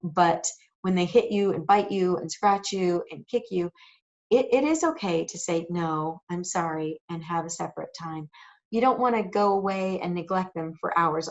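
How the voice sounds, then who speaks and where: A woman giving informal parenting advice in a conversational way, with many fillers and asides. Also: lowish voice. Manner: conversational with many fillers, acts out quoted scolding. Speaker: parenting educator. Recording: dull lo-fi recording.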